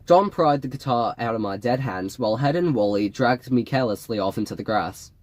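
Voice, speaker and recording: A man's voice: medium pitch, animated, a little fast, a little mellow, dry recording. Dry, wry male audiobook narrator. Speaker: audiobook reader.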